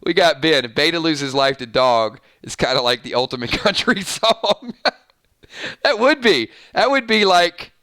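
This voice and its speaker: A male channel host chatting on a live stream, reading viewer comments, excitable and laughing often, talking straight to his viewers. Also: a little high, moderate pace, no room sound, studio quality.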